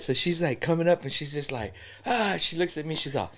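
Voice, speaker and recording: A man co-hosting a podcast, telling a story in animated, slangy casual chat and swearing freely. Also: a little high, normal speed. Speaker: podcast co-host.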